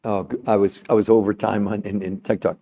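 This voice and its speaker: An older man chatting with a caller in a loose, animated way. He often laughs and keeps saying her name. His voice is warm and mellow, and the audio is dull and lo-fi. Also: fairly low pitch, fairly quick, creaky. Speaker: health show host talking to a caller. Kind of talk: casual live call-in chat.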